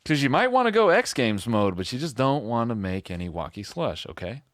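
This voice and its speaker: A man's voice: medium pitch, very animated, brisk, no echo, clean studio sound, close to an everyday voice. A man voicing an awkward middle-aged Gen X dad who fumbles through a talk with his teenage son, trying too hard to sound hip.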